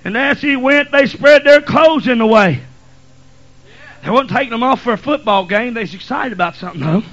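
High-voiced folksy preacher man. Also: fairly bright tone, muffled recording. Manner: folksy, hurried, dialect grammar. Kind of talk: sermon.

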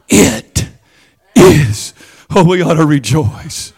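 A man with a high voice preaches at an unhurried pace in a church service. His delivery is fervent, rising into shouted, sing-song cadences as he drives his points home. It is a full sermon, not a casual talk.

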